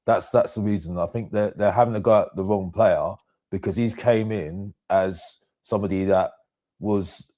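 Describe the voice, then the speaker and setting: A man's voice: sits low, steady tone, normal speed, mellow. A man calling into a football chat stream, searching for words and repeating phrases as he builds his point. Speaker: guest caller.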